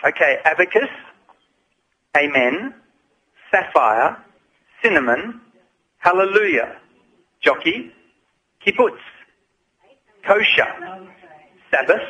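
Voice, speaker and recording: A man calling in to a radio show and reading out word lists for a language quiz, slowly and deliberately. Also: fairly high pitch, big pitch swings, sharp tone, husky, rough recording. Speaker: radio guest, quiz caller.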